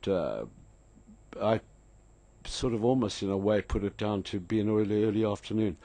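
A man's voice: mid-range voice, no room sound. Older South African male radio host, anecdotal and chatty, dry studio sound. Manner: rambling, anecdotal, frequent fillers. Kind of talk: casual radio chat and storytelling.

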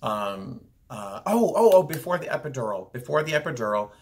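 A man's voice: medium pitch, very animated, brisk, a little hiss or hum. Young guy rambling through a story to his camera, lots of ums and restarts. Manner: rambling, with many fillers and restarts. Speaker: vlogger. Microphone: camera viewfinder, talking to camera.

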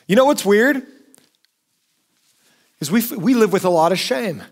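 Guy pastor preaching, pretty high voice, casual and punchy, keeps saying watch this kind of energy. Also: measured pace, pauses often. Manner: conversational, emphatic, lively. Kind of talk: sermon.

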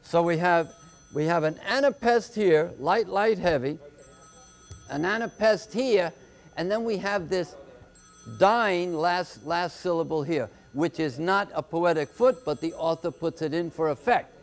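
A man tutoring on a live call-in homework show, explaining poetry slowly and patiently, step by step. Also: high voice. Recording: telephone-era broadcast.

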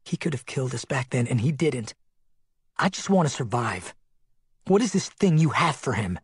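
A man's voice: mid-range voice, sing-song, moderate pace, husky, no room sound, clean studio sound. A man voicing a wary young woman survivor who talks tersely and defensively.

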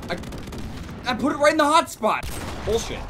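Guy swearing and yelping thru a shooter match, lively voice jumping around, gunfire going off behind him. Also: extremely high pitch, fairly quick, background noise. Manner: profane, excitable, yelps and laughs at plays. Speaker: gaming YouTuber. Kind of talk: live gameplay commentary. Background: gunfire and game sounds.

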